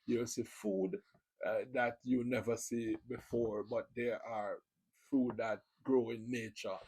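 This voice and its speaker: Husky Jamaican man, rambling chat. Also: medium pitch, fairly even intonation, slow, a little mellow, rough recording. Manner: rambling, full of "you know" fillers. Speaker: video channel host. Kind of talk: casual spoken testimony.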